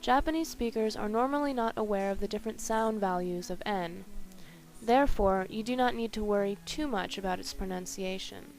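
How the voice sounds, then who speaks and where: A woman reading a scripted language lesson carefully, slowing down to spell out each example. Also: mid-range voice, darkish tone, faint music behind. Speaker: language teacher.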